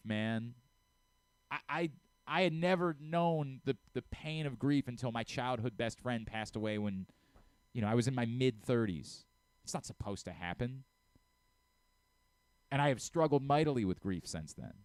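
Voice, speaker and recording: A middle-aged sports radio host talks in an earnest, heartfelt way, tripping over his words and starting sentences again as feelings catch up with him. His voice sits at an ordinary male pitch. The studio sound is close and dry, with no room echo. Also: clear, resonant tone. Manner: earnest, openly emotional, frequent stammered restarts. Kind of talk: sports talk radio monologue.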